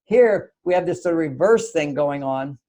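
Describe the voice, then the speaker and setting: Older man telling lively stories. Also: a little high, moderate pace. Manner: animated storytelling, acts out quoted voices. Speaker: guest author. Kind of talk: talk show interview.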